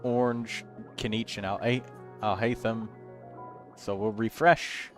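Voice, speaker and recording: A man's voice: on the low side, steady tone, takes it slowly, soft background music. A man hosting a game livestream, reviewing viewers' characters in casual, chatty commentary and thinking aloud as he counts numbers.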